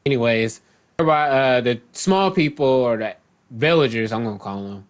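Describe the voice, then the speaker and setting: A man's voice: medium pitch, fairly quick. A man casually recapping and commenting, rambling and often correcting himself mid-sentence. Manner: loose, rambling, self-correcting, reads out character lines. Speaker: manga chapter reviewer.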